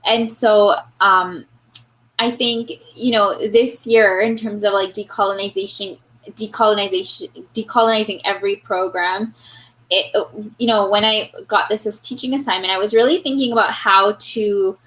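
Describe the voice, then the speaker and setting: The audio is poor, but you can make out a woman with a Canadian accent, an elementary teacher appearing as an interview guest. She speaks at normal speed in a steady, slightly bright, medium-pitched voice, earnest and reflective, working out her thoughts aloud with plenty of fillers and restarts.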